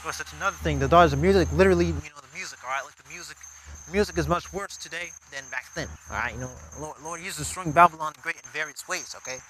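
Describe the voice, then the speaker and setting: A man teaching from scripture in an informal way. He keeps tagging his remarks with "man", "okay?" and "all right?", and reads the verses aloud louder and more formally than his own talk. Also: on the high side, quick pace, poor audio. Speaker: religious teacher. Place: outdoors at a camp.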